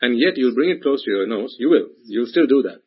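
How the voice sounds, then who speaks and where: Husky male Buddhist teacher giving a dharma talk, mid-pitched, many rhetorical questions. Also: animated, fairly quick. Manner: repetitive, full of rhetorical questions. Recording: dull lo-fi recording.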